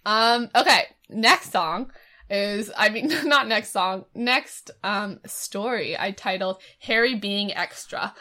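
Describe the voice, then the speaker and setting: A young woman co-hosts a podcast, chatting casually with lots of fillers and laughter. Her mid-range voice is bright and forceful, and she speaks slowly.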